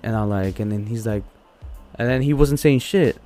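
A man's voice: on the low side, normal speed, mellow, soft background music. A man on a podcast telling a heated story, swearing constantly and repeating words as he goes. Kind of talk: casual profane storytelling.

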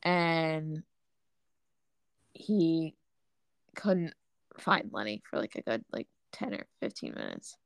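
A young woman in casual chat, telling a story in a relaxed way with lots of fillers. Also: deep voice, slow, vocal fry, long pauses, clear, resonant tone, no room sound.

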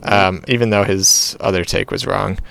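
Casting note: male podcast co-host, low gravelly voice, dry close sound, playful. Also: fairly even intonation, normal speed, a bit bright, no echo. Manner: playful, laughs often, argues jokingly. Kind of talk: casual chat.

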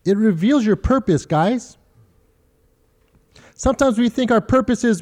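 A middle-aged man with a high voice preaches to his congregation. He tells stories with animation and keeps asking them questions. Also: unhurried. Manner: animated storytelling, quoting others in funny voices, talks directly to the congregation. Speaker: pastor. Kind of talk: sermon.

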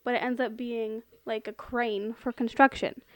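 A woman's voice: a little high, level tone, moderate pace, no room sound. A woman co-hosting a podcast, chatting casually about a film with lots of "like" and frequent laughter. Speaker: podcast co-host. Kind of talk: casual chat recapping a film.

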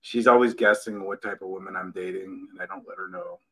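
A man's voice: sits low, steady tone, brisk, bright, forceful tone, low-quality recording. A man in his thirties, a podcast guest, chatting casually with teasing humor about family. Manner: joking, teasing storyteller. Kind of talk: casual chat.

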